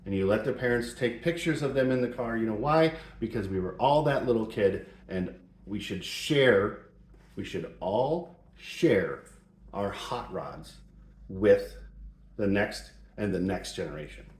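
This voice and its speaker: Brief: middle-aged male host, lively up-and-down delivery, playful mock-serious tone, roomy echo. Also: fairly low pitch, a little slow. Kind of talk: joking advice talk. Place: home shop or garage.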